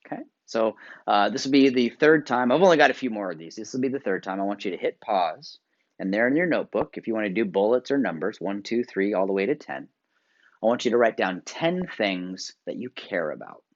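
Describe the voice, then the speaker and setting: An American workshop presenter with a lowish voice speaks briskly with lively intonation in a motivational video talk. He coaches viewers through exercises with direct instructions, shifting between loud emphasis and quiet asides, on dull lo-fi audio.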